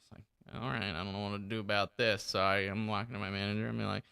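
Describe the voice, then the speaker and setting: A young man co-hosts a podcast with a gravelly, bright voice. He tells his work stories with big swings in pitch, acting out what people said and laughing often. The sound is close and dry. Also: brisk, dry recording. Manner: animated storyteller acting out quotes, laughing often. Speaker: podcast co-host. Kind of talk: casual chat, storytelling.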